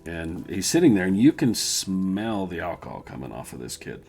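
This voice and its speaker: A man narrating a tabletop game as game master, relaxed and often laughing as he describes scenes. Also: low voice, normal speed, soft background music.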